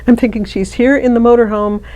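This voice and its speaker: Her warm voice is a little high and fairly even in intonation, moving a little fast. A middle-aged woman appearing as a guest in a casual interview, she shares a personal story chattily, restarting often.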